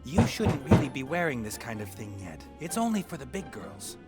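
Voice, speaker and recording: Sly, mock-gallant young adventurer, played by a man; lively intonation, game music behind. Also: medium pitch, normal speed, close to an everyday voice. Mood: teasing. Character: sly young male adventurer posing as a hatter.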